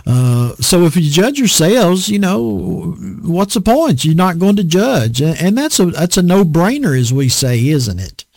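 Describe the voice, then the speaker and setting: A middle-aged man preaching a sermon in a slow, deliberate way, often acting out everyday complaints. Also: dry recording. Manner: slow, deliberate preaching with lively swings in pitch.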